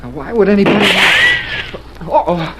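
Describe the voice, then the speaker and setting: A plucky young cowboy. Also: male voice, high voice, moderate pace. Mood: hushed. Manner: excited, talking to his horse. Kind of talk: 1940s radio acting. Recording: noisy 1940s radio broadcast.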